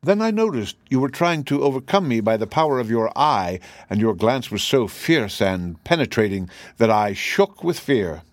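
A man voicing a meek, mild-mannered male lion in a storybook reading, speaking politely and gently. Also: mid-range voice, big pitch swings, normal speed, hardly any pauses, no room sound, lightly acted.

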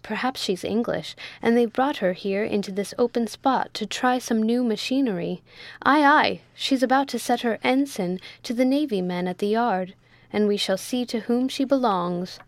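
A woman voicing a polite, measured young male first mate in a storybook reading, in a dry close sound. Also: fairly high pitch, no room sound, close to an everyday voice. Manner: respectful, measured.

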